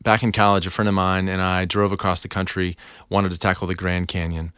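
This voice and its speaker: A man hosting a devotional podcast, telling a personal story in a relaxed, conversational way. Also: low voice, fairly quick, smooth, dry recording, studio quality.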